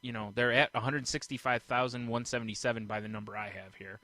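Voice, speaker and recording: A man's voice: medium pitch, steady tone, fast, bright, forceful tone, no room sound. A man hosting a podcast in casual banter, chatty and rambling, laughing a lot. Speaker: podcast host.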